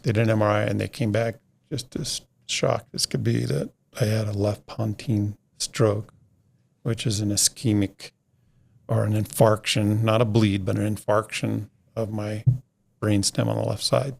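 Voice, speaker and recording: A gravelly, low-leaning voice with flat delivery and a measured pace belongs to a middle-aged man on a podcast. As a guest, he rambles through a long tale casually, playing out the conversations by quoting others.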